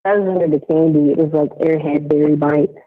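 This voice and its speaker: A woman's voice: low-pitched, fairly even intonation, fairly quick. A woman in a laid-back, teasing phone chat about her day. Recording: tinny prison phone line.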